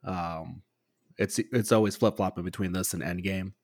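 A male podcast co-host with a notably low, deep voice. He speaks in a laid-back way and slips in dry, wry asides. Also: fairly even intonation, moderate pace, a little mellow. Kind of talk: casual podcast chat.

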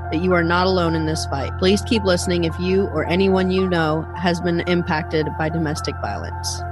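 A woman host reading a podcast introduction in a measured, earnest way. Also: lowish voice, steady tone, low-quality recording. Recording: music bed under the voice.

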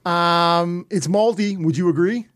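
A man's voice: high voice, unhurried, a bit bright, no echo, studio quality. A man co-hosting a casual beer podcast, wry and joking, poking fun at himself. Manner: wry, joking, self-deprecating. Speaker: podcast co-host. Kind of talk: casual beer-tasting chat.

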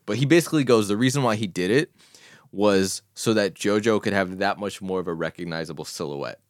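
A young man co-hosting a casual chat about anime, animated and given to loud character impressions. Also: fairly low pitch, brisk, dry recording, studio quality. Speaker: podcast co-host.

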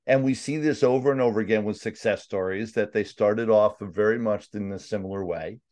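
A man's voice: on the low side, a little fast, a little mellow. Earnest New man hosting a podcast. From Staten Island, New York. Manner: earnest, reflective, with restarts. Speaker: podcast host. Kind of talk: conversational interview.

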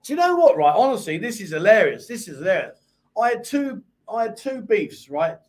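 High-voiced London man chatting. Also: sing-song, fairly quick. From England. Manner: chatty, reads viewer comments aloud and answers them. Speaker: host. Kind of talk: casual live-stream chat.

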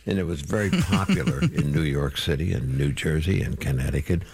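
Deep-voiced veteran radio man. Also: brisk, vocal fry, breathy edge. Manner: storytelling, wry, deadpan jokes. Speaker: guest, veteran radio host. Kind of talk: phone-in guest chat.

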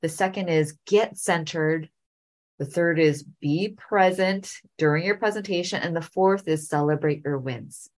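A middle-aged woman hosting a podcast, telling a story and giving speaking advice in an animated way, often repeating phrases. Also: sits low, unhurried. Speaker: podcast host and speaking coach.

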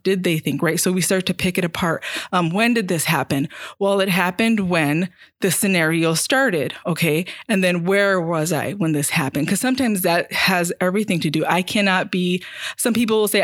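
Woman counselor talking through anxiety calmly. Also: fairly low pitch, brisk, no room sound, clean studio sound. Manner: steady, conversational, checks in with "right?". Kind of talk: casual explanatory talk.

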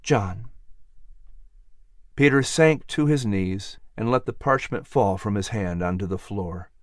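Animated male storybook narrator. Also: lowish voice, moderate pace, no room sound, studio quality. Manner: expressive, animated.

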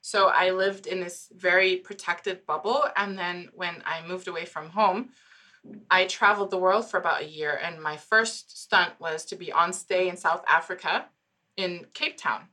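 A woman's voice: fairly low pitch, moderate pace. A woman in her forties, a psychologist and founder from Germany, chatting as a podcast guest and laughing often as she tells stories. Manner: laughs often, animated storyteller. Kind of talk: casual interview chat.

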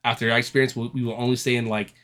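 A man's voice: mid-range voice, little pitch movement, rapid-fire, a bit bright. A man co-hosting a casual podcast chat, telling a rambling story full of swearing and acting out the people he quotes. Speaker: podcast co-host.

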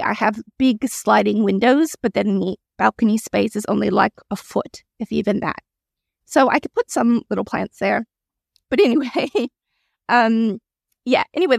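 A woman talks through her own podcast, candid and chatty, often tossing in little asides to listeners. Her voice sits a bit high with a husky, breathy edge and plenty of vocal fry. The sound is dry and close, with no room around it. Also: no room sound. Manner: chatty and candid, with frequent laughs and "right?" asides. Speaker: podcast host. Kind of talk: solo reflective podcast talk.

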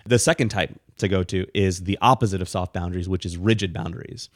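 A man's voice: low voice, fast. A man co-hosting a podcast, explaining ideas in a matter-of-fact, casual way. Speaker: podcast co-host. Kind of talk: casual chat.

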